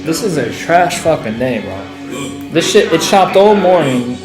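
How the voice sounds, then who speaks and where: A man's voice: on the high side, very animated, a little slow. A man live-streaming his day trades, ranting in an exasperated, profane way and saying "bro" constantly. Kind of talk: live trading stream commentary. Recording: echoey room with music playing behind.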